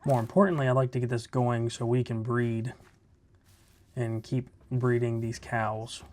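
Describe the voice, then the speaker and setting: A man's voice: medium pitch, fairly even intonation, measured pace, a little mellow. Laid-back man chatting over gameplay. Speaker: Minecraft let's play host. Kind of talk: casual gameplay commentary.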